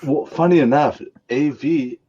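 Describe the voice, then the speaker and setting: A man's voice: on the high side, measured pace, mellow, husky, lo-fi sound. A man talking as a guest on a podcast in a casual, playful, teasing way.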